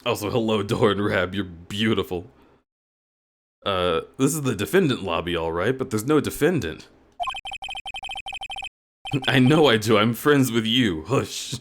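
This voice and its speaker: A man's voice: lowish voice, lively intonation, measured pace, long pauses, noisy background. A man live-streaming a video game, chatting with his viewers in a goofy, teasing way. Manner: goofy, teasing, talks to chat. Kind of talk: casual live-stream chat while playing. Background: game music.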